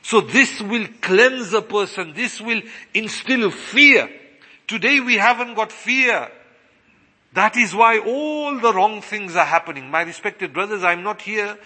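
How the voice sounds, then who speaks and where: A man preaching a sermon with passion, slowing down to stress his points. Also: high voice, sharp tone. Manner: impassioned, slows for emphasis, acts out quoted voices. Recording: long hall reverb.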